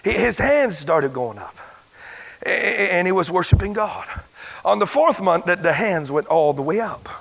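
A man preaching a sermon as pastor, stumbling over repeated words and breaking into shouted exclamations. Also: sits high, lively intonation, moderate pace, vocal fry. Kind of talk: sermon with a healing testimony.

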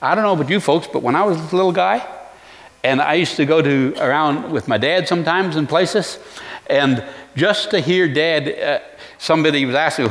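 A male pastor preaching a sermon in an earnest way, pausing to reflect and restarting his phrases. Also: a little high, lively intonation, fairly bright tone, big-room sound.

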